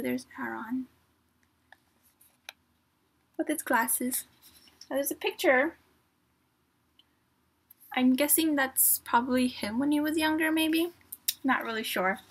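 A woman vlogger with a slightly high voice talks casually through an unboxing. She gushes with excitement, reads printed lines aloud, and now and then drops to a soft near-whisper. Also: takes it slowly, pauses often, slightly rough. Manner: gushing, excitable fan talk.

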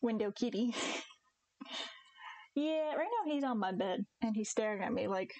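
A woman's voice: a little high, moderate pace, a little mellow, no echo. A young woman streaming a farming game, chatting casually and giggly with her viewers and her cats. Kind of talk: casual live-stream chat.

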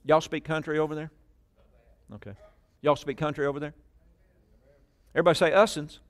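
A man preaching a sermon to a congregation, calling out lines for them to repeat, moving between loud emphatic bursts and quiet asides. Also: fairly high pitch, level tone, brisk. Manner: call-and-response preaching, prompting the congregation to repeat. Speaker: pastor. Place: church sanctuary with congregation.

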